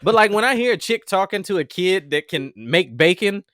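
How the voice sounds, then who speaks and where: A man's voice: high voice, animated, normal speed, fairly bright tone, no echo, clean studio sound. A man in his thirties co-hosting a comedy podcast, giving blunt opinions with a laugh. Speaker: podcast co-host. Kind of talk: casual comedy podcast chat.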